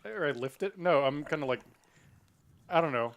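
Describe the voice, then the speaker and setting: A man playing a tabletop game, talking in a halting, unsure way. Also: a little high, lively intonation, a bit bright. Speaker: player. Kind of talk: casual chat.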